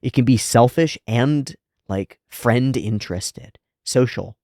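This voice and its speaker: A man's voice: mid-range voice, slow pace, darkish tone, dry recording, studio quality. A man reacting to an anime episode, thinking aloud in a casual, reflective way and often saying "like". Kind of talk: casual analytical commentary.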